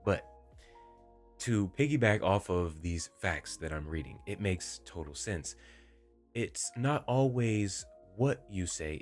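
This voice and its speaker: A young man talking to his viewers in a gentle, inviting, emotive way, with deliberate pauses. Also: low-pitched. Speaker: voice-focused video creator. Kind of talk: reflective talk to camera. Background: faint background music.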